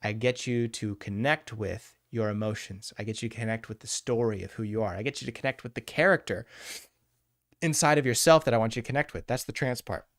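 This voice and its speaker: A man's voice: fairly low pitch, brisk, dry recording. A man teaching a casual live class on hypnotherapy, talking bluntly with some swearing and answering viewers by name, recorded on a close, dry mic. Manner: animated, blunt and profane, answers chat by name. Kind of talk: casual livestream lecture.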